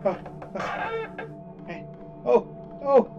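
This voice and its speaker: A man's voice: fairly high pitch, animated, very slow, pauses often, highs cut off, faint music behind. A man commenting on a horror game as he plays, jumpy, yelping and swearing often. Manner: jumpy, loud yelps and frequent swearing. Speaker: gamer playing a horror game. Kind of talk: let's play commentary.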